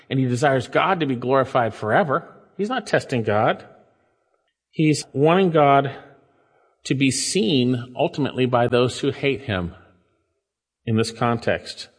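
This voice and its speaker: A man preaching an expository sermon, reading verses aloud and lifting his voice sharply on key phrases. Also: medium pitch. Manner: animated, rising emphasis when reading scripture. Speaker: pastor. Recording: long hall reverb.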